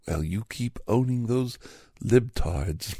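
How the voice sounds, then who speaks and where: A man doing a satirical character monologue in a sarcastic, mock-cheerful, rambling way with hushed asides. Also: on the low side, expressive, takes it slowly, husky, no echo, clean studio sound.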